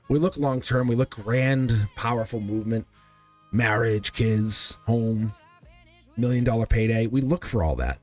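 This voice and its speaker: Guy doing a live tarot stream, rambly and encouraging, keeps asking "right?", soft music in the back. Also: medium pitch. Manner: loose, rambling, encouraging, often checking in with "right?". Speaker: tarot reader and channel host.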